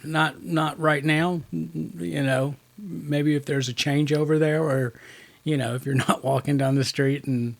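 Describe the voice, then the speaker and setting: Gravelly man telling rambling stories. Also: a little high, fairly even intonation, measured pace. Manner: rambling storyteller, laughs often. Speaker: podcast co-host. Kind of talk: casual chat.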